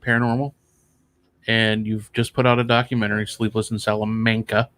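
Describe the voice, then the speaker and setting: A man's voice: lowish voice, little pitch movement, a little fast, a bit bright. A man hosting a casual studio chat, joking and laughing often. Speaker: podcast host.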